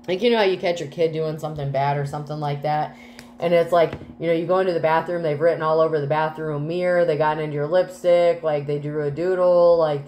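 A woman's voice: low voice, darkish tone, slight background noise, low-quality recording. A woman doing a casual tarot reading, chatty and full of fillers, with some casual swearing. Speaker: tarot reader.

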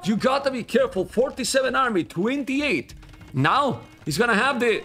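Male esports caster, Spanish accent, native Spanish speaker, high and sharp voice, excitable, yells at players. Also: moderate pace, faint music behind. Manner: excitable, talks to viewers as guys, bursts into yelling at players. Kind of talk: live game commentary.

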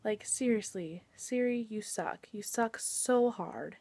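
A woman's voice: medium pitch, slow, vocal fry, few pauses, warm tone, dry recording. A young woman vlogging at home late at night, venting her frustration, swearing and often dropping into a whisper. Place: at home indoors.

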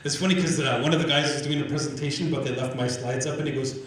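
A man's voice: medium pitch, quick pace, distant mic. A man from Canada giving a live public talk as an Indigenous organizer, telling stories and acting out the exchanges he describes, often repeating words as he restarts. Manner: animated storyteller acting out quoted exchanges. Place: large event room with audience. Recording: very roomy hall echo, faint ambience.

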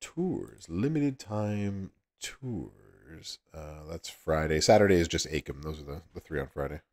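A man's voice: rumbling low, a little fast, a little mellow. A man with a Southern US accent hosting a livestream, chatting casually with viewers and laughing often. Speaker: livestream host.

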